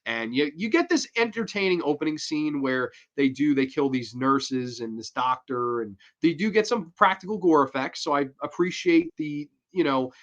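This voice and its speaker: A man's voice: fairly high pitch, lively intonation, moderate pace, hardly any pauses, a bit bright, highs cut off. A man hosting a casual show, bluntly and profanely ranting through a horror movie review.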